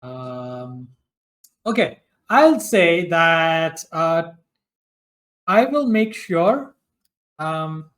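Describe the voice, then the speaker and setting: A man with a voice slightly higher than most men talks through a duet tabletop game. He plays the guardian with a teasing, scheming manner. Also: expressive, very slow, pauses often, a bit bright. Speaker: player.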